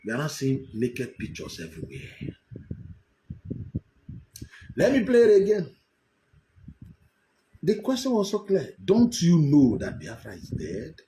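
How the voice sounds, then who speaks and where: Animated mocking Nigerian man. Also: a little high, unhurried, pauses often, slight background noise, low-quality recording. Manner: mocking, laughs often, breaks into shouting. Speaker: political commentary host. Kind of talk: animated live commentary.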